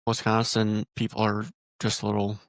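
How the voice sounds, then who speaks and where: A man's voice: on the low side, monotone, moderate pace, no echo, clean studio sound. A man from northern Iowa hosting a podcast, teasing his guest in a joking, casual chat. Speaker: podcast host.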